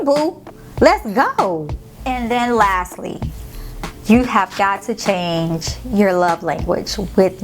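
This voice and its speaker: A woman vlogger, giving a sassy, slangy motivational pep talk to her viewers. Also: medium pitch. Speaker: motivational vlogger and podcast host. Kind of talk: casual motivational talk to camera.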